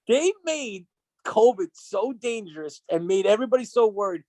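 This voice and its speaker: A man's voice: high-pitched, lively intonation, moderate pace, noisy background. A man co-hosting a casual podcast, swearing freely and acting out quotes as he tells stories. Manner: profane, storytelling with acted-out quotes. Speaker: podcast co-host.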